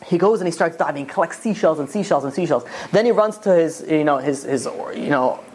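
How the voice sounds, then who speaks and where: A man's voice: a little high, fairly quick, a little mellow, slightly rough. A man, a rabbi, telling a long parable in a loose, rambling storytelling way, full of "you know" and "he's like". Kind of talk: storytelling in a Torah talk.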